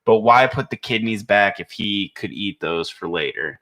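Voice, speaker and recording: A young man co-hosting a podcast, chatting casually in a rambling, profane way with halting restarts. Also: lowish voice, animated, sharp tone. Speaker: podcast co-host. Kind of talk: casual crude chat.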